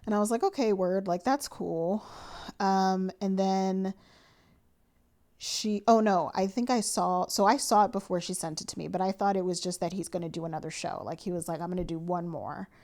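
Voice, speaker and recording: A young woman chatting to camera for her planner vlog, excited and slangy but sleepy, yawning now and then. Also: medium pitch, fairly quick. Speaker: planner vlogger. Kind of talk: casual chat to camera.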